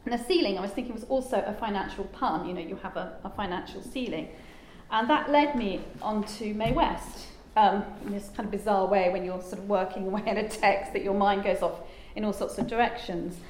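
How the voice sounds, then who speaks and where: A woman's voice: mid-range voice, brisk, a little mellow, slight background noise. Chatty woman lecturing in an echoey room. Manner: chatty, digressive, with frequent ums and asides. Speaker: lecturer and translator. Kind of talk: informal lecture. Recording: echoey room with faint ambience.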